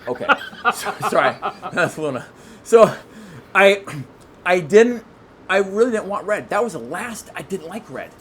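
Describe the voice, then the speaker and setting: A man who is a guest on a podcast, telling a long story in casual chat, excitable and rambling, with lots of restarts. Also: high voice, unhurried, pauses often, breathy edge.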